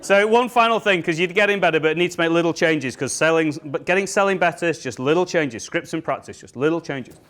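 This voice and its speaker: Guy from england running a sales workshop, slightly high voice, jokey and upbeat, bossing the room around with quick instructions. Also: a bit bright. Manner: upbeat, joking, gives brisk instructions. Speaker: sales trainer. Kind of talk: live workshop talk to an audience. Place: event room with an audience.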